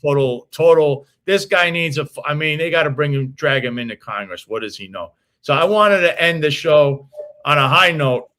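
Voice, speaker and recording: A man's voice: on the high side, expressive, normal speed, sharp tone. A man with a New York accent hosting a casual political talk show, blunt and combative, tossing off insults. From New York City. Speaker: host.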